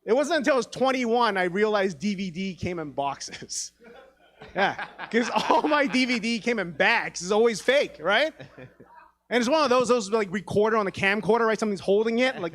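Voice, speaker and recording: A man's voice: high voice, brisk, a bit bright. A man in his thirties from Taiwan, performing a stand-up comedy set on a theatre stage, profane and self-deprecating, acting out quoted dialogue. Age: 30s.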